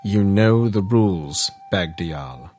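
An older man with a British accent plays a fastidious elderly enforcer, speaking in a dry, precise way. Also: low-pitched, animated, darkish tone, soft background music. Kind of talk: audio drama acting.

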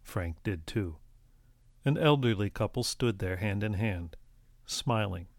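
Low-voiced male audiobook narrator. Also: lively intonation, takes it slowly, dry recording, studio quality.

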